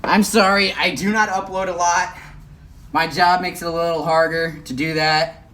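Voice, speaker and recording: A man's voice: fairly high pitch, fairly even intonation, normal speed, bright, forceful tone. Chatty young man streaming outdoors. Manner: chatty, talks while working, often mutters. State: hot and sweating. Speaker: livestreaming YouTuber. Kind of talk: casual how-to livestream. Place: outdoors, working on a truck. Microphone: phone. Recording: faint outdoor noise.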